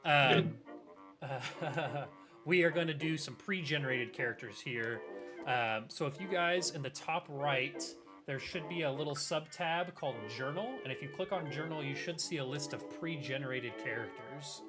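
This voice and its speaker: A man's voice: on the high side, moderate pace. Guy gm explaining a tabletop game, rambly, lots of ums, music playing behind. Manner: loose and chatty, many fillers. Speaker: game master. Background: background music.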